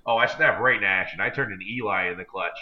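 Casually chatting as a podcast co-host, a man rambles through a long story at his own expense. His voice is lowish and his pace quick, on a dull lo-fi recording.

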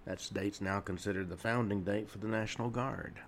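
A very deep, gravelly male voice, hosting a solo radio talk show from a studio. He rambles along with frequent pauses and restarts. A faint hiss of noise sits under the voice. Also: fairly even intonation.

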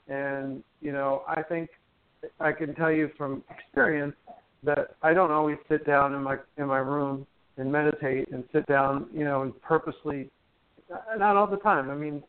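Gentle man teaching breathwork over a phone line. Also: fairly high pitch. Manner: gentle, chatty, teacherly, with many fillers and playful jokes. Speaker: guest, musician and meditation teacher. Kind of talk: guiding talk on breath and meditation.

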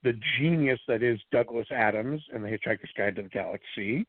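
A blunt man co-host reacts quickly and swears freely. His voice sits at a middle pitch. The sound is narrow and phone-like, dry, with no room echo. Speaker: podcast co-host. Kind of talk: casual chat.

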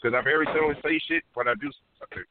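A man's voice: fairly high pitch, steady tone, rapid-fire, background noise. A man on a call-in radio show, talking bluntly and profanely, fired up. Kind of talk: heated call-in radio chat. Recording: tinny phone-like line.

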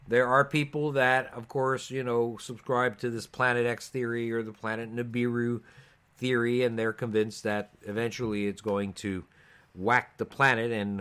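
A male co-host talks through medical and news topics in a relaxed, conversational manner, pausing with fillers as he goes. His voice is bright and clear, at a middle pitch. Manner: easygoing, explanatory with fillers. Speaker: physician co-host. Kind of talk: conversational podcast talk.

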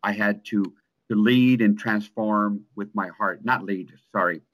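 A middle-aged man giving an earnest, emotional testimonial, speaking haltingly with many restarts and repeated words. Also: on the low side, fairly bright tone. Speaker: coaching client. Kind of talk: personal testimonial in conversation.

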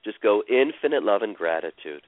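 A man guiding a caller through an emotional healing session, speaking slowly and soothingly and repeating phrases. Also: fairly low pitch, expressive, dry recording. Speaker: healer guiding a caller on a radio show. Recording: dry, tinny phone-like radio sound.

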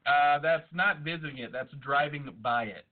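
A man's voice: fairly high pitch, moderate pace, faint music behind. Profane joking man on a tinny line. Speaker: podcast host. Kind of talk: crude casual banter. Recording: tinny phone-like audio.

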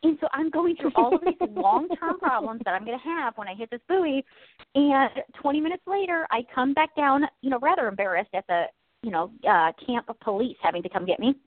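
A woman's voice: high voice, lively intonation, brisk, no room sound. A woman co-hosting a faith-based comedy chat, telling stories animatedly and laughing often. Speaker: podcast co-host. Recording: tinny phone-like dry sound.

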